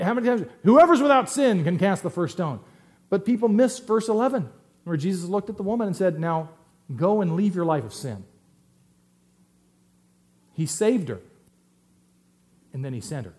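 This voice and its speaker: Middle-aged guy preaching, punches words hard then drops real quiet, kinda high voice. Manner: emphatic, swings between loud stresses and quiet asides. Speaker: pastor. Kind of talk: sermon.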